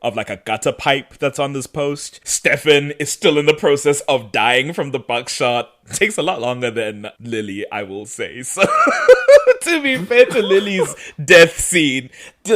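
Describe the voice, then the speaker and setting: A man co-hosts a podcast in an animated, chatty way, often breaking into laughter. His pitch swings widely as he recaps, keeping the energy high and playful. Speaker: podcast co-host. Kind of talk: casual episode recap chat.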